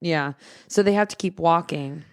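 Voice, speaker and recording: A woman's voice: on the low side, moderate pace, dry recording, clean studio sound. Playful, giggly woman podcast co-host. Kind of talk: casual movie recap chat.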